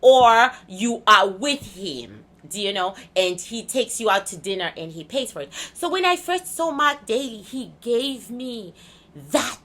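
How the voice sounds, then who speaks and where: A woman from Zimbabwe talking to her viewers in a casual, rambling monologue, candid and crude, swinging between loud and laughing. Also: a little high, animated, measured pace. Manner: blunt, candid storytelling with crude language. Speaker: vlogger.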